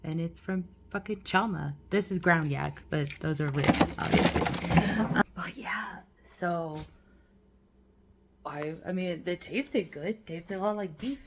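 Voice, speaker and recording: A woman's voice: fairly low pitch, measured pace, noisy background. A woman chatting casually in a rambling, chatty way while cooking in her home kitchen for her vlog. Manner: rambling, chatty, fond of swearing. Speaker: vlogger host.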